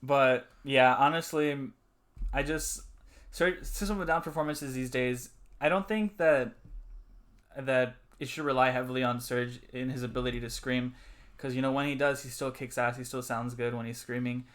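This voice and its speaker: A man hosting a casual podcast chat with friends. His voice sits at an ordinary middle pitch. He talks with eager enthusiasm and swears freely. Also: fairly even intonation, normal speed, fairly bright tone. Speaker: podcast host.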